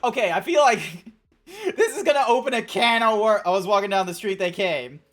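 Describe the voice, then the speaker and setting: A woman's voice: medium pitch, animated, fairly quick, fairly bright tone. An Australian woman streaming live, chatting casually with her viewers in a rambling, sweary way as she reacts to chat. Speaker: Twitch streamer. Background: faint background music.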